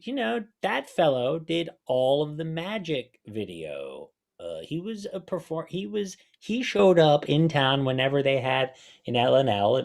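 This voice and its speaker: A man's voice: medium pitch, creaky, darkish tone. A man hosting a casual talk about magic, rambling and chatty as he tells stories. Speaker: host.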